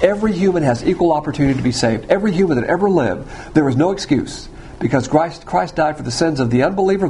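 A man preaching a sermon, blunt and provocative, swinging between loud emphasis and quiet asides. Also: fairly high pitch, a little hiss or hum.

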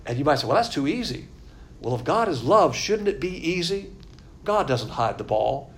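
A man preaching with a gravelly, slightly raised voice, blunt and emphatic in a chatty way. Faint hiss sits under the recording. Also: fairly high pitch, big pitch swings, normal speed, a bit bright. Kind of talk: sermon.

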